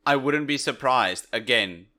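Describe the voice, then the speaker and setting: A man's voice: mid-range voice, a little slow. A man co-hosting a podcast in casual, jokey chat. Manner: lively and bright, jokey. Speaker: podcast co-host.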